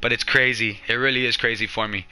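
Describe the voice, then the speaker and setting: A man streaming a video game live on a headset mic at home at night, excitable and emotional as he talks to his chat. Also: mid-range voice, fast, clear, resonant tone. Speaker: gaming streamer. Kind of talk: live gameplay stream commentary.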